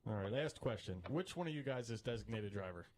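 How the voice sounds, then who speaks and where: A man's voice: fairly low pitch, animated, fast talker, a little mellow. A man running a trivia quiz on a radio show, reading questions in a dry, plain way. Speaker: trivia quizmaster. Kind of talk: casual trivia game.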